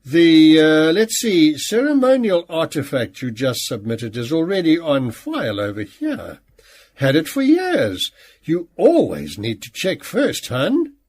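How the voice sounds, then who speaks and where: A man's voice: on the high side, wildly swooping pitch, a little slow, a little mellow, exaggerated voice. A man putting on a twangy folksy clerk lady. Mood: chatty. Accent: slight Western twang. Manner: folksy, calls everyone hon and darling. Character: chatty middle-aged woman storage clerk.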